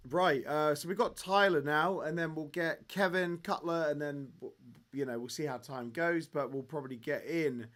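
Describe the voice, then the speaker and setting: A man hosting a football fan phone-in, excitable and jokey, often repeating words as he talks. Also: medium pitch. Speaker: podcast host taking calls. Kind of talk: casual football phone-in chat.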